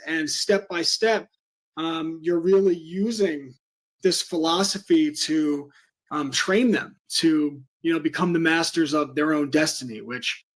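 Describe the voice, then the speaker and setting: A man, a home school educator, giving an interview and explaining at length with frequent "um" fillers. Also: fairly high pitch. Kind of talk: interview talk.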